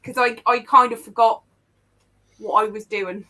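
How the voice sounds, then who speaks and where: A woman's voice: a little high, fairly even intonation, a little slow, bright, forceful tone. Chatty, sweary English woman. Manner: chatty, swears freely, jokey. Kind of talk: casual chat.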